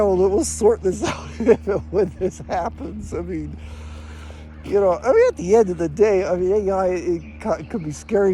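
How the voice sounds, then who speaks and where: A middle-aged man tells a rambling anecdote in a casual vlog, filling pauses and chuckling to himself. His voice sits high for a man yet sounds soft and mellow. A faint noise runs underneath. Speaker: vlogger. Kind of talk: casual storytelling monologue.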